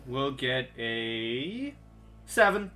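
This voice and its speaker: A man running a tabletop game as game master, narrating monster moves and rolls in a measured, pausing way. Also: mid-range voice, sing-song, sharp tone.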